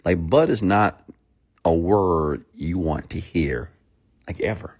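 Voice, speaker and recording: Deep-voiced man telling a motivational story. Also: takes it slowly. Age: 30s. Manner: animated, acts out both sides of a story. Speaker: motivational speaker.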